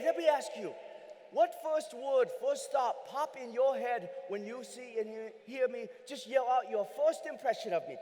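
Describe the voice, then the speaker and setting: A man doing a playful immigrant character with clipped, broken English, calling out to a big audience. His voice sits very high. The sound carries the long reverb of a large hall. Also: slight background noise. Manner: clipped broken English, dropped articles, shouting to the crowd. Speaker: keynote speaker.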